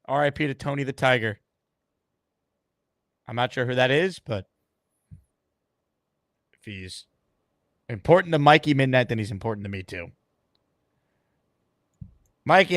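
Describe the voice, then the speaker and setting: A man's voice: mid-range voice, expressive, unhurried, long pauses, fairly bright tone, dry recording, clean studio sound. A man hosting a sports call-in show, taking calls with upbeat, dryly joking patter. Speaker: host.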